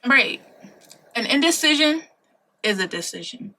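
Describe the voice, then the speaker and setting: A woman in her late twenties gives heartfelt life advice into her camera, her voice bright and a touch high. She leans on repetition to drive each point home and drops casual slang along the way. The tone is earnest and conversational throughout. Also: expressive, moderate pace. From Ohio, USA. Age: late 20s. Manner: earnest, emphatic, repeats key points, slangy asides. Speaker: vlogger giving life advice. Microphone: compact camera mic.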